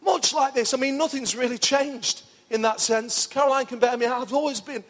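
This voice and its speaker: A middle-aged pastor preaching an enthusiastic, pumped-up sermon in a church hall. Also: male voice, extremely high pitch, a little fast, fairly bright tone.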